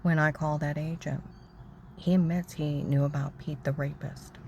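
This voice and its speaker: A woman telling a long, rambling, agitated story about her own grievances, repeating herself and acting out other people's shouting. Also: low-pitched, steady tone, moderate pace, dull audio, a little hiss or hum. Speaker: storyteller recounting personal grievances. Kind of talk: rambling personal monologue.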